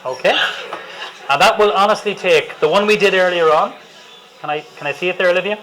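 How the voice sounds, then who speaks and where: Chatty Irish chef, slightly high voice. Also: male voice, brisk, bright, forceful tone, slight background noise, rough recording. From Ireland. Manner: chatty, enthusiastic, jokes with the audience. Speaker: chef giving a cooking demonstration. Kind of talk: live cooking demonstration to an audience. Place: demonstration space with a live audience.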